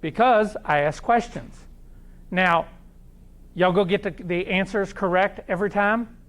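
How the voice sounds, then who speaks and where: A man with an Oklahoma accent giving a live seminar talk, folksy and animated, asking the crowd questions. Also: high-pitched, a little slow. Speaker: seminar speaker.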